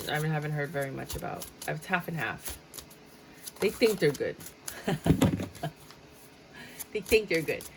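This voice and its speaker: A woman's voice: deep voice, slight background noise, low-quality recording. A woman giving a casual tarot reading, chatty and dramatic, sometimes slipping into a sing-song tone. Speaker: tarot reader.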